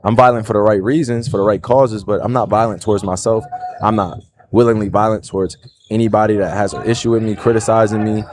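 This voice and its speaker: A livestream host in his thirties with a New Jersey accent speaks in a lowish voice. He talks to his viewers in an earnest, reflective monologue and keeps checking in with "right?". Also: steady tone, fast, darkish tone, a little hiss or hum. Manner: earnest, repeats "right?" and "you know".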